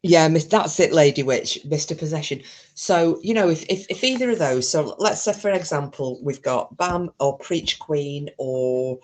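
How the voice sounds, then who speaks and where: Talking directly to her viewers in a low voice, a woman hosts a casual live stream. She's blunt, chatty and swears freely.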